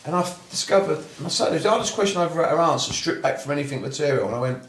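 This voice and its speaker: A man's voice: a little high, lively intonation, rapid-fire, echoey room. A man with a Cockney accent, a therapist telling his story in a casual interview, blunt and swearing freely.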